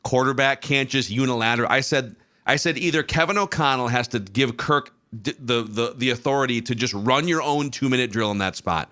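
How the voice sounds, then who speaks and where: A man hosts a football podcast and tells a rambling, self-mocking story. His voice is bright and tense, pitched in the middle range. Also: fairly quick, hardly any pauses. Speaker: podcast host. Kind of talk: casual sports talk.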